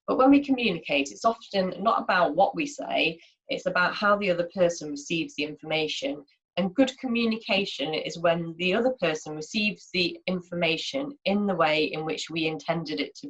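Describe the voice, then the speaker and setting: A woman's voice: low-pitched, rough recording. A woman giving an informal online lunchtime talk, explaining in a chatty way with many fillers and restarts. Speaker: workshop presenter.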